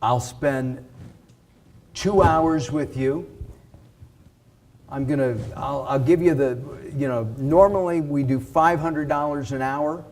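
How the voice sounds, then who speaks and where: Man giving an animated sales pitch, slowly. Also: slight background noise. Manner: animated, conversational, with filler words and restarts. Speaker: video and speaking coach. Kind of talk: live sales pitch to an audience.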